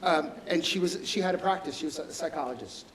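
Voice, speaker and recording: A middle-aged man with a fairly high voice tells emotional stories as a guest in a stage conversation. He halts, restarts and doubles his words, and a faint hiss sits under the audio. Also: fairly bright tone, poor audio. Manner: halting, many restarts and repeated words.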